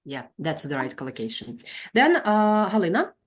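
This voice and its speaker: A woman's voice: on the low side, big pitch swings, moderate pace. A woman leading an online English teaching lesson, calling on trainees and explaining their mistakes. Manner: calls on students, corrects gently.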